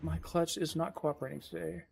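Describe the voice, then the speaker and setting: Male game streamer, slightly high-pitched, rambling and self-chiding, faint engine hum behind. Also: level tone, fairly quick, gravelly. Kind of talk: casual live-stream commentary.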